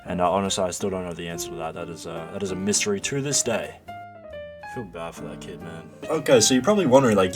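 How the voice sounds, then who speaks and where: A young man telling a confessional comedy story in a profane, rambling, excitable way. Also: low-pitched, fast, over music. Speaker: vlogger.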